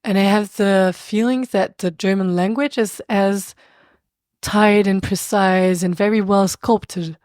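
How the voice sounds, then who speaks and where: A woman speaks English with a French accent in a relaxed podcast chat, her voice sitting in a middle range. She talks animatedly, stopping to hunt for words before pushing on. The recording is dry and close, with no room sound. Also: medium pitch, slow pace, no echo. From France. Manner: animated, searching for words, laughs often. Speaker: podcast guest. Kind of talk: casual conversation.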